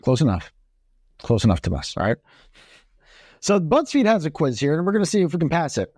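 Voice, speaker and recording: A man co-hosting a podcast, with lively, swooping speech and a casual, profane manner. His voice is close and dry, with no room sound. He talks in a loose, animated way. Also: a little high, brisk, no echo. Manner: profane, animated, laughs a lot. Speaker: podcast co-host. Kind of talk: casual chat, reading movie quotes.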